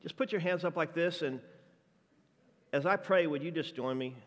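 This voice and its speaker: Upbeat male juggler-preacher, jokey and energetic, slightly raised pitch, recorded with church-hall reverb. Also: normal speed. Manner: playful, jokey, energetic crowd-work. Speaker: guest speaker and juggler. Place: church sanctuary.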